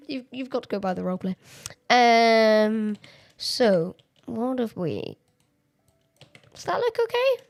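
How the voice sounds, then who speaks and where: A gravelly, fairly high female voice, very animated yet slow, carries this home Minecraft stream. The Australian streamer keeps things casual, giggling a lot and thinking aloud while faint music plays.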